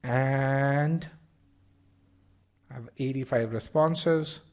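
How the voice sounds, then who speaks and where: A man's voice: medium pitch, very slow, darkish tone. A man teaching a live online class, asking the audience questions, repeating key points and often restarting his phrases. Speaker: test-prep instructor.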